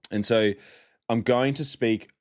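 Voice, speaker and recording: A man's voice: medium pitch, steady tone, unhurried. A young man hosting a podcast alone, chatty and mocking, often laughing as he talks. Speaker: podcast host. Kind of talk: casual solo podcast monologue.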